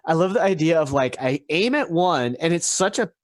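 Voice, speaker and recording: A man playing a tabletop game talks eagerly, his pitch swinging up and down with animation. His voice sits in a middle range. The sound is dry and close. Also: animated, moderate pace, no room sound. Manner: eager, enthusiastic. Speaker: player. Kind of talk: casual tabletop game chat.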